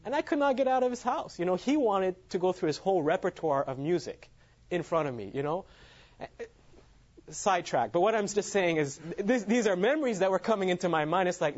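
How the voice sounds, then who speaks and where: A man's voice: sits high, lively intonation, brisk, a little mellow. A man giving a sermon as he tells a personal story, laughing often at his own lines. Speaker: preacher. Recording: dull lo-fi sound.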